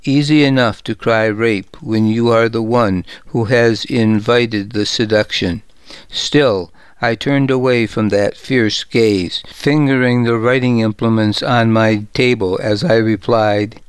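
A man narrating an audiobook in the first person, measured and deliberate. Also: mid-range voice, fairly even intonation, smooth, dry recording.

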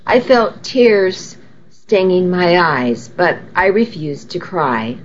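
A woman reading a first-person story aloud, unhurried and now and then correcting her slips aloud. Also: fairly low pitch, big pitch swings, dull audio, slight background noise. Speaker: reader.

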